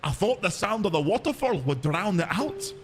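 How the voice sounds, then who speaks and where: A man's voice: high-pitched, animated, moderate pace, big-room sound, a little hiss or hum. A man voicing a tiny, cheerful male forest creature who plays music, with a Scottish accent. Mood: eager. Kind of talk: voicing a game character.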